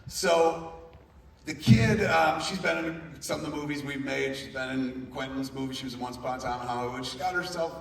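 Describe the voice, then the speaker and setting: A man's voice: mid-range voice, brisk, creaky. A middle-aged man telling a profane comic anecdote to a live convention audience on stage. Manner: profane, animated storytelling. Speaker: guest at a convention Q&A panel. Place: large convention hall stage. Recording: echoey hall, voice from far off, crowd noise. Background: audience in a large hall.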